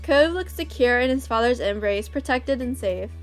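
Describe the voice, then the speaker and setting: A woman's voice: on the high side, moderate pace, few pauses, a bit bright, soft background music. A woman host reading a visual novel aloud, breaking off into giggly, gushing asides.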